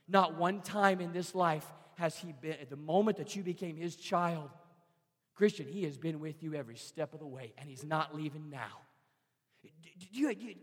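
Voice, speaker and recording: A man preaching a sermon as pastor, swinging from loud passionate shouting to hushed, pleading tones. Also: fairly high pitch, husky, long reverb tail.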